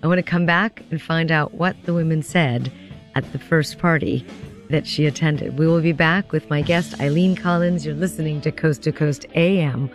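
A radio talk show host keeps the interview moving and sounds eager to hear the rest of the story. The voice sits at a middle pitch. Faint music plays underneath. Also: fairly even intonation, moderate pace.

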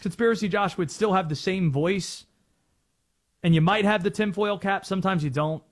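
A man from North Carolina hosting a sports talk radio show, chatting and explaining. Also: a little high. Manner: conversational, explanatory.

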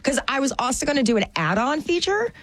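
A woman's voice: high-pitched, very animated, fast talker, no echo. A woman co-hosting a radio show, chatting casually in a playful, self-amused way and laughing often. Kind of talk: casual chat.

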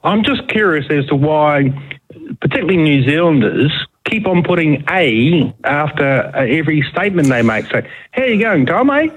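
A man's voice: on the high side, animated, normal speed, husky, highs cut off. A man calling a radio show, friendly and curious. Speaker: caller.

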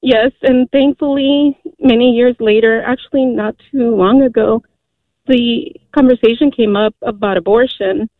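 A woman in her forties calling in to a radio show, telling a personal story earnestly, with many halting fillers. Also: on the high side, fairly even intonation, no room sound. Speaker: caller. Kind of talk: call-in radio testimony. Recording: tinny phone line.

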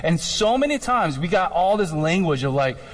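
A man's voice: high-pitched, very animated, normal speed. A man giving a casual, emphatic sermon as a pastor, talking conversationally with lots of fillers. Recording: reverberant hall.

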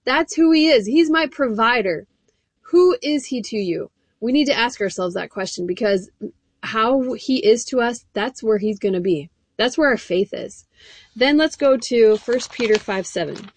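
An earnest woman preaches a sermon, reading scripture aloud and turning to press her points directly on the listener. Her voice sits a little high, and the sound is close and dry with no room around it. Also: animated, moderate pace, dry recording.

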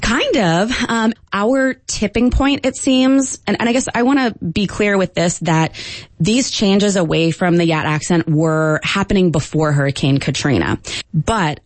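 A woman linguistics professor answering radio interview questions, explaining at a measured pace with frequent ums. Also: medium pitch, no echo.

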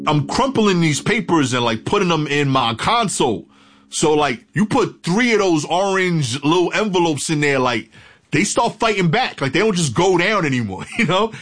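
A man telling a comic story in a lively, casual, punchy way. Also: a little high, moderate pace, dry recording.

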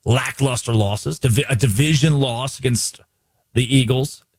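A man giving opinionated sports commentary, animated and mocking, mimicking the people he criticizes. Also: medium pitch, unhurried, husky, no room sound.

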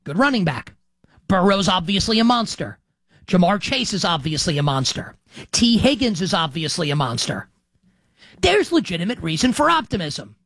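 A man's voice: high-pitched, very animated, normal speed, fairly bright tone, no echo. A middle-aged man hosting a sports betting show, talking in a rambling, self-correcting, conversational way. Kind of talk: casual sports talk monologue.

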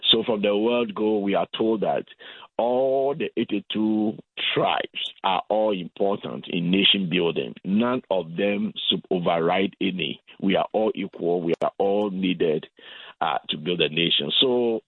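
A man from Ghana talks through his points slowly and carefully, often going back over his own words. His voice sits low and a little husky. It comes through a thin, phone-like line with no room sound. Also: no room sound. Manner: measured, explanatory, repeats words. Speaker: guest.

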